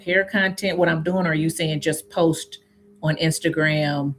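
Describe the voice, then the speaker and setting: A woman with a Southern US accent, chatting casually with viewers on a live stream, reading comments aloud and answering them with sudden high, laughing exclamations. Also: fairly even intonation, a little slow, slight background noise. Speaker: YouTube host answering live chat.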